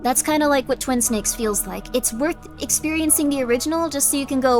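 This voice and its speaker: Brief: bubbly high-pitched woman streamer chatting to viewers, faint music under her. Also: fairly quick, few pauses. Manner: rambling, excitable, laughs at herself. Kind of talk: casual stream chat.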